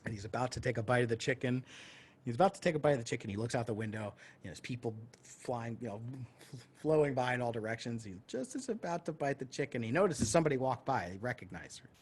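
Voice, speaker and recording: A man's voice: mid-range voice, expressive, fast, breathy edge. A man co-hosting a podcast who tells a long story casually, swearing freely and acting out the voices of the people in it. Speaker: podcast co-host.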